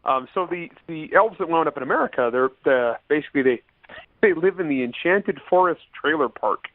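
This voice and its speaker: A man's voice: a little high, animated, brisk, no room sound. Chatty man on a tinny phone line. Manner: chatty, laughing often, many fillers and restarts. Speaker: author guest on a podcast. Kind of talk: casual interview chat.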